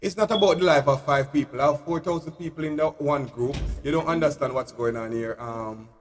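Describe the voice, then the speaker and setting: Host in his forties, insistent, slightly high voice. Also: fairly quick, in a large hall, a little hiss or hum. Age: 40s. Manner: insistent, repeats himself. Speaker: live stream host. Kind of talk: heated live discussion.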